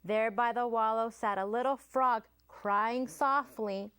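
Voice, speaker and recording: A woman librarian reading a picture book aloud to children in a slow, sing-song storytelling manner. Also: a little high, steady tone, fairly bright tone, clean tone, dry recording, studio quality.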